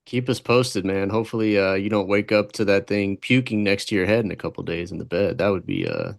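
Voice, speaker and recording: A man's voice: low voice, animated, a little fast, gravelly, no echo. A man co-hosting a podcast, chatting casually and teasing his partner with dry jokes. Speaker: podcast co-host.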